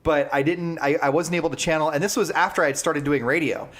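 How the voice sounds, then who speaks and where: A man's voice: fairly high pitch, fairly even intonation, fast talker, a bit bright. A man hosting a casual podcast, joking and telling stories about his old sales jobs. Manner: joking, self-deprecating storytelling. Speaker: podcast host.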